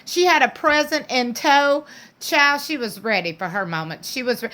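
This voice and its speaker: A woman's voice: high voice, expressive, a little slow, pushed and bright. A woman, casually recapping a reality show in a sassy, gossipy way full of slang and playful impressions.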